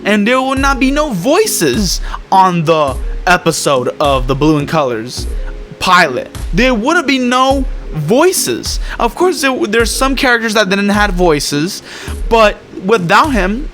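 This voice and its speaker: A man's voice: high-pitched, very animated, measured pace, pushed and bright, soft background music. A man talking casually about his animation projects, rambling with plenty of fillers and restarts. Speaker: animation creator and vlogger. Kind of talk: casual vlog talk.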